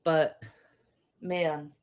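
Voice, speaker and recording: Weary female streamer, low voice, soft rambling talk. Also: little pitch movement, drawn-out words, lo-fi sound. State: tired. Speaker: livestreamer. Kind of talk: casual livestream talk.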